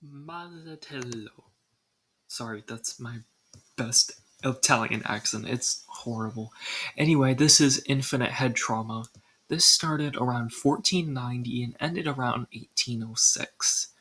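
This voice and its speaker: A young woman reads a scripted countdown in a husky, breathy voice that still sounds bright and forward. She keeps the tone casual and drops in dry little asides between entries. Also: a bass voice, measured pace, poor audio. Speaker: video creator. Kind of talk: scripted ranking narration.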